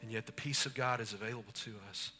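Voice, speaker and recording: A man preaching a sermon, swinging between booming lines and hushed, intimate ones in a church. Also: fairly even intonation, very fast, over music. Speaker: pastor. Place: church sanctuary.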